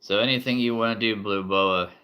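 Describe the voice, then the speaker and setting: A man running a tabletop role-play game as game master, playful and quick to chuckle as he addresses his players. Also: on the low side, steady tone, sharp tone, smooth.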